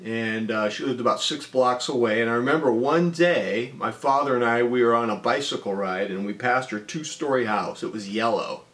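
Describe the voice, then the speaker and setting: Man, 40s, personal storytelling, deadpan humor, casual, frequent fillers. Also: mid-range voice, moderate pace, few pauses.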